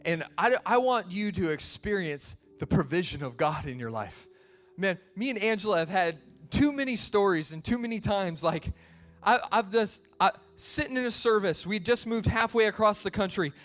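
A man's voice: high voice, lively intonation, normal speed, a bit bright. A male pastor preaching a sermon in a conversational storytelling way, laughing at himself as he tells family stories.

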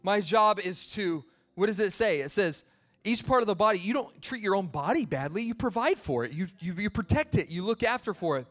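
A man's voice: sits high, expressive, a little fast, fairly bright tone. A male pastor preaching a sermon in a conversational storytelling way, laughing at himself as he tells family stories.

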